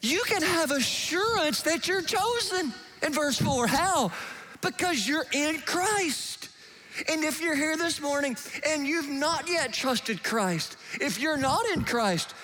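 High-voiced, animated male preacher. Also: unhurried. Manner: animated and emphatic, with sudden soft hushed asides. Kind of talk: sermon.

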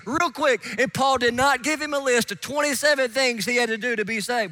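A man preaching a sermon as pastor, swinging from hushed asides to shouted emphasis and quickly acting out the voices of listeners. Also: extremely high pitch. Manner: acts out listeners and biblical figures in quick quoted asides.

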